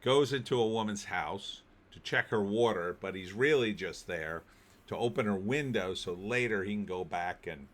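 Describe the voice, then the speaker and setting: A man's voice: lowish voice, normal speed. A man giving a casual spoken film review, recapping the plot with wry disbelief.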